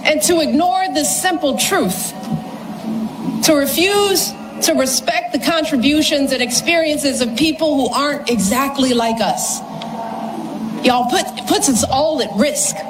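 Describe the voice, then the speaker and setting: A woman's voice: high voice, measured pace. A woman giving a formal public speech in an earnest, emphatic way. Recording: distant speech clip with background noise.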